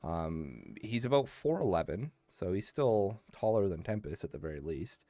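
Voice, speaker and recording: A man's voice: low-pitched, lively intonation, normal speed, dark tone, dry recording. A man running a tabletop role-playing game as game master, casual with many fillers and laughs.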